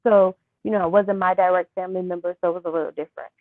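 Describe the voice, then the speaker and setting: A young woman interviewed as a guest, telling a personal story softly and haltingly, with many fillers. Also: fairly low pitch, fairly even intonation, no echo. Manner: soft-spoken, halting with fillers. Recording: thin phone-like line.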